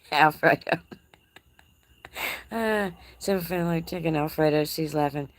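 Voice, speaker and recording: A woman's voice: deep voice, normal speed, a little mellow, dry recording. A woman with a Texas accent hosting a casual live chat from her porch, reading viewer comments in a folksy, teasing way and laughing often. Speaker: livestream host. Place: outdoor porch. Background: crickets.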